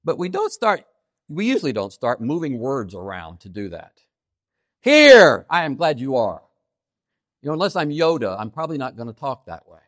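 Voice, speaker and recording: A man preaching a sermon, stressing key phrases by repeating them and swinging between loud emphasis and quiet asides. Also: medium pitch, big pitch swings, a little fast, no room sound, clean studio sound. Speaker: pastor.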